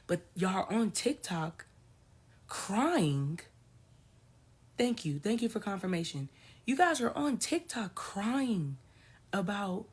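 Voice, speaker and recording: A woman's voice: mid-range voice, husky. A woman spiritual coach giving casual ranting commentary to her followers, talking emphatically and repeating phrases for stress.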